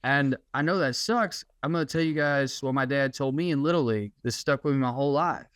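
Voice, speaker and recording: Profane, animated male comedian, dry sound. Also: medium pitch, brisk, clean tone, no echo. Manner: profane, animated retelling of a stand-up gig. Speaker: comedian and podcast host. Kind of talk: casual storytelling chat.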